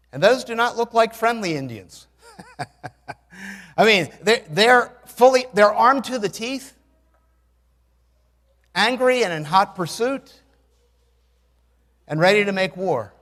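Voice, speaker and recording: Preaching from a church sanctuary, this sixty-something man tells lively stories, mixing dry wit with bursts of loud exclamation. He has a high-pitched voice, and the sound is that of a big room.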